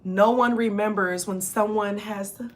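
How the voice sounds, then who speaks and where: A woman gives her viewers a casual spiritual reading, channeling messages from ancestors in a direct, emphatic, chatty style and frequently checking in with "okay?". Her voice is mid-range, with fairly even intonation and a measured pace.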